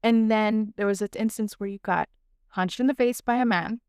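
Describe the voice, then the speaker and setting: Earnest young woman, smooth and candid. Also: medium pitch, normal speed, darkish tone, no echo, studio quality. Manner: earnest, candid, talks in long flowing runs with frequent "like" and "right?". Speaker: podcast host. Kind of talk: casual heartfelt conversation.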